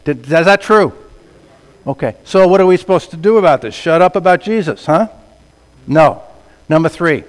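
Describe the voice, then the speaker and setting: A male pastor with a high voice delivers an animated sermon, dropping low and quiet and then rising to loud, emphatic peaks. He speaks in a church sanctuary with a long reverb trailing each phrase. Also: smooth. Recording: long reverb of a large hall.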